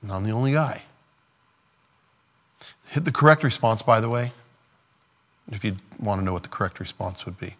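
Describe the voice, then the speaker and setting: A man's voice: fairly low pitch, lively intonation, normal speed, long pauses, fairly bright tone. A man preaching a sermon in an earnest, conversational way, laughing now and then and acting out scripture dialogue. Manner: acts out scripture dialogue in different voices.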